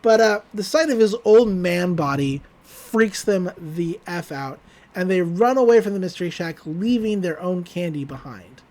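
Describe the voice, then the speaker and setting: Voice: medium pitch, expressive, normal speed, darkish tone. Chatty podcast host recapping a cartoon. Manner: loose and chatty, with swearing and frequent laughs. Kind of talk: casual cartoon episode recap.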